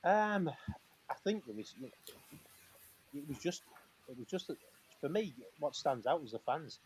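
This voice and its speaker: A man's voice: a little high, sing-song, measured pace, slight background noise. A man, a former footballer, telling casual stories as a guest, laughing often and acting out quoted dialogue between restarts and fillers. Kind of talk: casual storytelling on a live talk-in.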